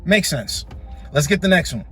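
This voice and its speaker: A man's voice: on the high side, lively intonation, moderate pace, bright, forceful tone, faint music behind. A man hosting a reaction channel, giving blunt, scolding commentary that keeps repeating its points.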